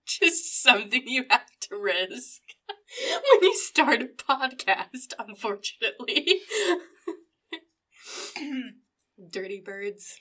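Slow-talking bright young woman. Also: mid-range voice. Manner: laughs often, drawn-out reactions. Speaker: podcast co-host. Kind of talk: casual chat.

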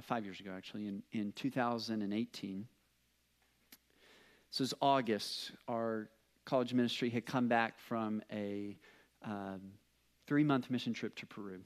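A man's voice: on the low side, measured pace, long pauses. Young adult male pastor, sermon delivery, earnest and personal, frequent restarts.

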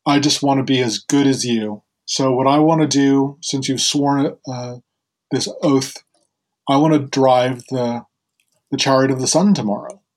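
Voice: mid-range voice, fairly even intonation, measured pace, darkish tone, close to an everyday voice. A storyteller voicing a young boy, the sun god's son, who is earnest and insistent. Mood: insistent, eager.

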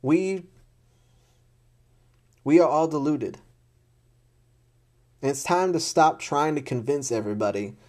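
In an unscripted, exasperated rant to camera, a man with a medium-pitched, darkish voice swears a lot, speaks bluntly and keeps repeating himself out of frustration.

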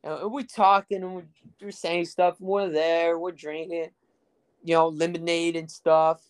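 A young podcast host from Texas's Rio Grande Valley wanders through a crude story, his voice pitched slightly above the typical male range. He pads it with ums and side comments and pokes fun at himself, speaking flatly and unhurriedly in a clear, resonant tone.

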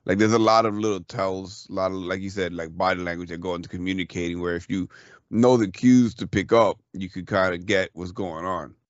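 A man's voice: low-pitched, steady tone, brisk, no room sound, muffled recording. A man in a casual conversation, telling candid stories, swearing freely and acting out both sides of a dialogue.

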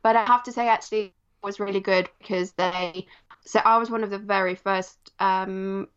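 A woman from Poland, Polish her first tongue, now speaking with a settled English accent. She is a guest on a podcast, talking thoughtfully with soft fillers as she remembers. Her voice sits mid-range and the recording sounds a touch muffled. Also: mid-range voice, fairly even intonation, moderate pace, smooth. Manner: reflective, with frequent "kind of" and "um". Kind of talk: podcast interview.

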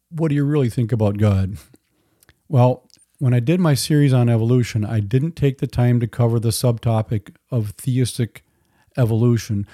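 Dark-voiced man hosting a podcast. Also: mid-range voice, no room sound. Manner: earnest, conversational, with dry asides and chuckles. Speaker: podcast host. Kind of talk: solo Christian apologetics podcast.

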